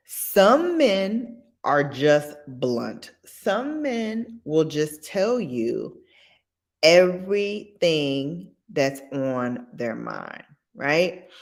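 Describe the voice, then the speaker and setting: A woman hosting a casual commentary vlog, blunt and sassy, with animated asides. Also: deep voice. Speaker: host.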